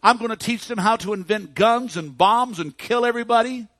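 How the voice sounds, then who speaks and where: A man's voice: mid-range voice, normal speed, husky, no room sound. A man voicing a gloating male devil who brags about ruining people. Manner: gloating and taunting.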